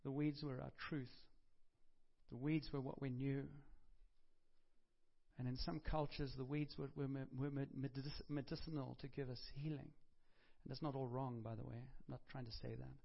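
A man's voice: medium pitch, little pitch movement, normal speed, creaky. A man preaching a sermon in a conversational way, with humorous asides and self-corrections. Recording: dull lo-fi recording.

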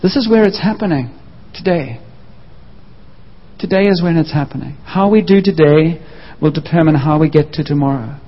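Guy preaching, earnest personal testimony, kinda high voice, muffled echoey church hall. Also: moderate pace. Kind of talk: sermon.

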